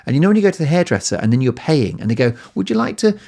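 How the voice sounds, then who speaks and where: A man hosting a podcast in a casual, playful monologue, jumping now and then to squeaky high exclamations. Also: big pitch swings, very fast, dark tone. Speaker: podcast host.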